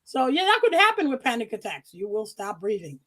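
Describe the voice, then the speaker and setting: High-pitched woman reading emails, profane. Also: a little fast. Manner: profane, animated, laughing often.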